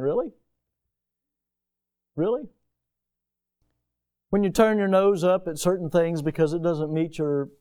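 Mellow, smooth-voiced male pastor preaching. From United States. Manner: preachy, swings from soft and low to loud and high for emphasis. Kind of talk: sermon.

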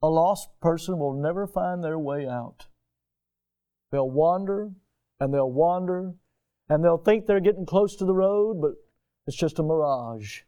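Mellow, smooth-voiced male pastor preaching. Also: a little slow. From United States. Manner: preachy, swings from soft and low to loud and high for emphasis. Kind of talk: sermon.

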